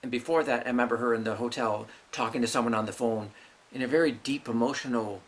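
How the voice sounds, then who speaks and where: A man's voice: mid-range voice, steady tone, fast talker. A middle-aged man hosting his own show, ranting bitterly about his family with heavy swearing. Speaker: vlog host. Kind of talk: angry personal monologue.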